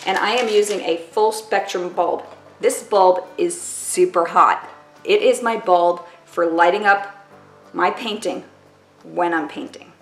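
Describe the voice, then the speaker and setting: A woman's voice: on the low side, unhurried, reverberant, soft background music. A woman vlogging at home in casual chat to camera, chatty and self-mocking, full of "like" and "totally".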